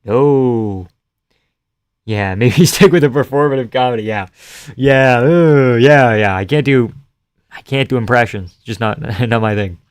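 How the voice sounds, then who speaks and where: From his home setup, a man hosts a live stream, chatting casually with viewers, reading their comments aloud, joking around and swearing freely. His mid-pitched voice is smooth and resonant, recorded dry and close at a normal speed with no echo.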